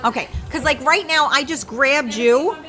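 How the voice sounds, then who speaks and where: A woman's voice: high-pitched, normal speed, pushed and bright. A woman with a Bronx accent hosting a brash, bantering on-location chat, talking over the others in a busy bar. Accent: Bronx New York. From the Bronx, New York. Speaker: host. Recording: noisy crowd around the mic.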